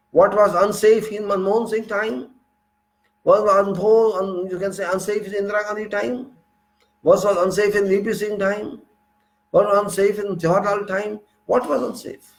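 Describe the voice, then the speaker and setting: A man's voice: high voice, steady tone, normal speed, gravelly, low-quality recording. A man with an Indian English accent giving an indignant political monologue, full of rhetorical questions and repeated phrases. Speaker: political commentator.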